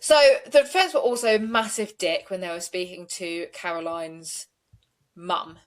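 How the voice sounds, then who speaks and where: A woman's voice: lowish voice, a little slow. A woman, co-hosting a true-crime podcast and retelling court events in a chatty way full of "like". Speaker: podcast co-host.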